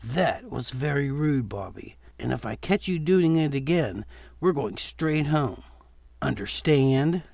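A man's voice: medium pitch, lively intonation, slow, gravelly, a little mellow, no room sound, exaggerated voice. A man voicing a good-natured father who teases his young son in a spooky story. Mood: stern. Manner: teasing, fatherly, turns stern.

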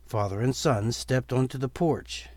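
A man reading a Halloween horror story aloud in a steady, measured storytelling voice. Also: medium pitch, no room sound. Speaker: narrator. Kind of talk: storytelling narration.

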